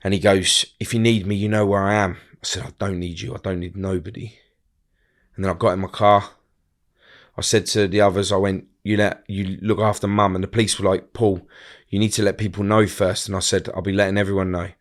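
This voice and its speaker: A middle-aged man telling a personal story in a blunt, halting way, often restarting his sentences and acting out other people's words. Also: fairly low pitch, level tone. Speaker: guest.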